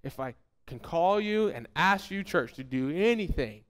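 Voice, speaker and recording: A man preaching a fervent, emphatic sermon as a pastor, repeating phrases and dropping soft and low at the end of his points. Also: lively intonation, moderate pace.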